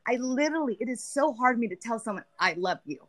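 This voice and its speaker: A woman's voice: on the high side, animated, fast, a bit bright. Woman sharing feelings in casual chat. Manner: emotional, rambling, many restarts.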